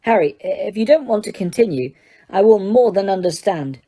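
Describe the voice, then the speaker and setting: A woman voicing a kind, weary male teacher in an audiobook, who speaks quietly and hesitantly in a reassuring way. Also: medium pitch, expressive, moderate pace, close to an everyday voice. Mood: gentle.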